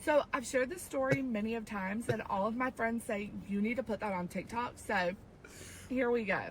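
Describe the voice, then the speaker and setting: A woman telling a casual personal anecdote in a chatty, animated way. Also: on the high side, normal speed, a little hiss or hum, poor audio. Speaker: storyteller in a played clip.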